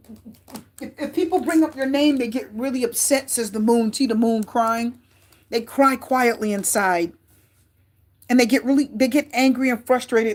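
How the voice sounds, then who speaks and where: A woman giving a casual tarot reading to her viewers, chatty and prone to repeating herself. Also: high voice. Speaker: tarot reader.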